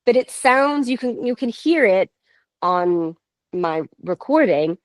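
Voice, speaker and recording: A woman in her thirties from Canada, telling a ghost-hunt story in an animated, chatty way, laughing often and quoting others. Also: mid-range voice, takes it slowly, no room sound. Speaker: paranormal investigator guest. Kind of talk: casual storytelling.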